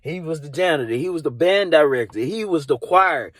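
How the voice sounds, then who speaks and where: A man's voice: on the high side, expressive, a little fast, fairly bright tone, no room sound. A man doing improvised comedy from inside a car, rambling and leaning on "you know" and "like". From Dallas area.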